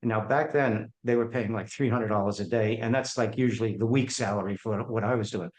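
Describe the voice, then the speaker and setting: A man's voice: lowish voice, brisk. A man, a podcast guest, telling stories from his career and acting out the voices of people in them. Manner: animated, acts out the voices in his anecdotes. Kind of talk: storytelling in an interview. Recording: echoey room.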